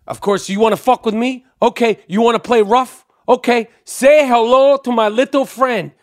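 A man's voice: very high voice, fairly even intonation, normal speed, no room sound, studio quality, voice pushed up. A man doing Tony Montana, snarling. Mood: defiant. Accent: mock Cuban gangster accent. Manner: snarling, profane and boastful. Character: swaggering defiant male gangster boss.

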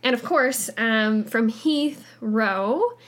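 Woman co-host, chatty and giggly, voice a touch high, casual podcast banter. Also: lively intonation, takes it slowly, a bit bright. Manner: chatty, giggly, self-mocking. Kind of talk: casual chat.

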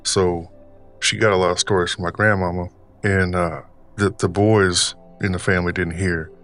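A man with a very low, deep voice, deliberately putting on an old-timer's Southern drawl as he hosts his podcast. He rambles unhurriedly through a casual story, full of fillers and restarts. Faint music plays softly underneath. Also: level tone. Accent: put-on Southern US drawl. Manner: deliberately puts on an older man's voice. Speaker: podcast host.

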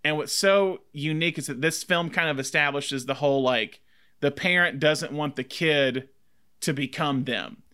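A man's voice: a little high, moderate pace, bright, forceful tone, clean tone. A man co-hosting a casual film podcast, talking enthusiastically in long rambling stretches full of fillers. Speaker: podcast co-host.

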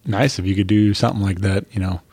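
A man in casual chat who speaks haltingly with many pauses and fillers. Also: lowish voice, steady tone, darkish tone, breathy edge, dry recording.

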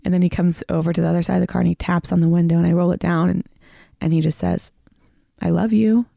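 A woman's voice: lowish voice, completely flat delivery, racing, creaky, mellow, no echo, clean studio sound. A woman telling a personal story in a candid, self-mocking way on a podcast.

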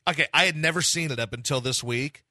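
A man co-hosting a sports talk radio show, chatting casually and rambling into excited outbursts. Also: quick pace, dry recording. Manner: animated, rambling, jumps into high excited outbursts.

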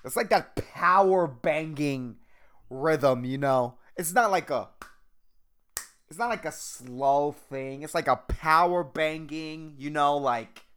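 A man hosting a comedy podcast on his own, talking in a loud, goofy, aggressive way and swearing freely. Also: fairly high pitch, takes it slowly, smooth. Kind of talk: casual solo podcast talk.

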